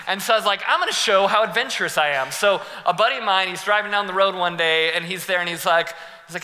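A young male pastor preaches, spinning animated stories and acting out every scene. His voice rides a little high and sounds strikingly bright and sharp. It rings through a large church hall with long reverb trailing after it. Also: fast talker, slight background noise. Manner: animated, laughing storyteller who acts out scenes. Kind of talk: sermon with personal storytelling.

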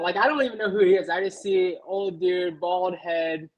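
Young man, slightly high voice, podcast guest, animated, casual storytelling, heavy filler words. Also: normal speed, poor audio. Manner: animated, leans on filler words, acts out his own past thoughts. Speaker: guest, motocross racer.

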